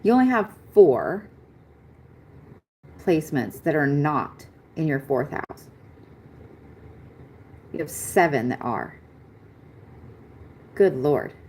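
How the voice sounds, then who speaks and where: A woman with a low voice runs a live astrology reading. She talks in a chatty, excitable way and swears casually as she goes. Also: slow pace, pauses often, slight background noise. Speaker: astrology reader.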